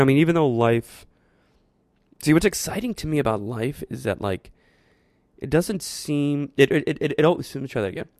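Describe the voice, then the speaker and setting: A man hosts a show in a casual monologue, rambling and reflecting on his thoughts and frequently starting over. His voice is fairly low and gravelly, with no room sound.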